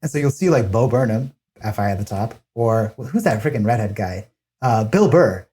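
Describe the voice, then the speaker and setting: A man giving casual commentary, acting out quoted voices with big pitch jumps. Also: expressive, normal speed, mellow.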